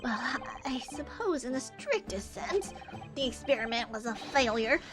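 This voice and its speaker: A woman voicing an eccentric, excitable male professor, stammering and fussy, while reading a game's dialogue aloud. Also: high-pitched, moderate pace, over music. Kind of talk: voicing a video game aloud on stream.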